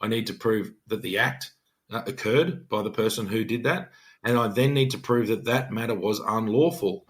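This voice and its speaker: A middle-aged Australian police detective sergeant tells an emphatic, earnest story on a podcast, often acting out his own words. His voice is fairly low in pitch at a moderate pace.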